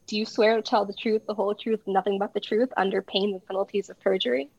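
A woman voicing a courtroom attorney who questions a witness in a formal, measured way. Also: medium pitch, steady tone, darkish tone, dull audio, lightly acted. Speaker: game master.

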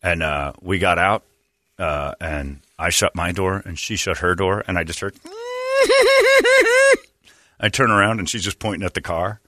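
A man hosting a morning radio show, telling stories and reacting loudly with lots of laughter. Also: low-pitched, moderate pace, no echo, studio quality. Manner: loud exclamations, laughing, animated storytelling. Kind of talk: casual radio banter and storytelling. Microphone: studio mic.

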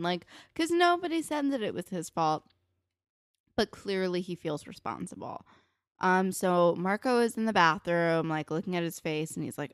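A woman co-hosting a casual chat, recapping a TV episode in a chatty, filler-heavy way with animated retellings. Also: lowish voice, measured pace, smooth, no echo, clean studio sound. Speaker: podcast co-host recapping a TV episode.

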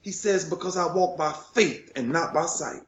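A middle-aged man telling an emotional story with passion, often repeating himself and swinging between loud and soft. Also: a little high, normal speed, echoey room, muffled recording. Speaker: retired football player telling his story.

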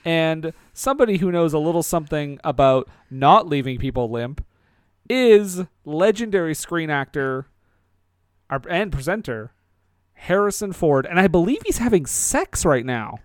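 A man co-hosting a comedy award skit, speaking with a wry, deadpan delivery. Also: fairly high pitch, normal speed, no room sound, studio quality. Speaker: co-host.

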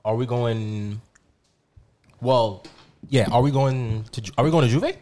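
A man's voice: medium pitch, a little slow, dark tone. A young man hosting a podcast, chatting and joking casually with his friends. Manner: laid-back, joking banter with friends. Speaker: podcast host. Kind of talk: casual chat.

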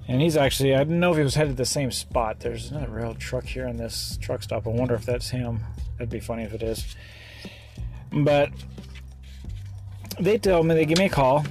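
A man driving a truck, telling a rambling story in casual vlog style with halting restarts. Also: medium pitch, darkish tone. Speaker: truck driver. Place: truck stop.

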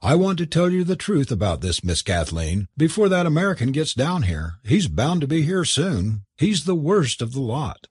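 Man voicing storybook cook, young woman, bold, scheming, plain-spoken, husky, dry. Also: fairly high pitch, big pitch swings, moderate pace, few pauses, a little mellow, no echo, voice pushed up. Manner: plain-spoken, eager, conspiratorial. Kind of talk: audiobook character voice.

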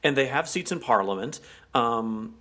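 A man co-hosts a relaxed conversation. He explains things in a chatty, meandering way, leaning on fillers like "like" and "um.". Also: mid-range voice, moderate pace. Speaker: co-host. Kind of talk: casual chat explaining culture.

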